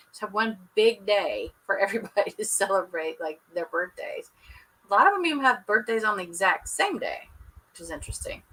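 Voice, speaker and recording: Chatty woman host, bright clear voice, casual home livestream from a computer mic. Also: mid-range voice, low-quality recording. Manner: chatty, laughs often, Southern "y'all". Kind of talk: casual livestream chat with viewers. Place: at home indoors. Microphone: computer webcam mic.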